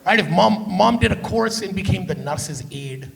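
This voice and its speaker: A man from Canada, a stand-up comedian on a theater stage, telling loud, profane family stories and keeping the crowd with him with "right?". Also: sits high, lively intonation, moderate pace, gravelly. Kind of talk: stand-up storytelling.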